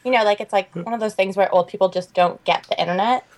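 A young woman co-hosting a podcast. She tells a story in an animated, chatty way and fills it with "like.". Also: mid-range voice, fast. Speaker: podcast co-host. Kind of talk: casual chat.

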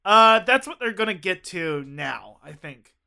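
A man's voice: sits high, expressive, measured pace, creaky, pushed and bright, clean tone. A man co-hosting a casual podcast chat, rambling through banter and laughing often. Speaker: podcast co-host.

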